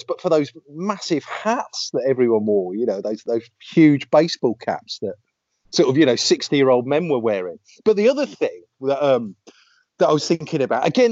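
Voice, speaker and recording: Lively-voiced male interview host. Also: on the high side, no room sound. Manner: chatty and tentative, hedging with fillers. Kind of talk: casual interview conversation. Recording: slightly muffled, dry audio.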